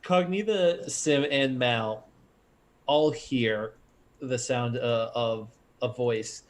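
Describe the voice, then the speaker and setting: Halting male game master narrating. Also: medium pitch. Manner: halting narration with many fillers.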